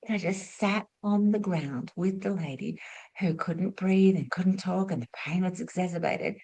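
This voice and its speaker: A middle-aged woman, a spiritual teacher and former nurse, telling stories as a lesson and asking rhetorical questions, moving between lively and hushed delivery. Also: on the low side, normal speed. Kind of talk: storytelling teaching talk.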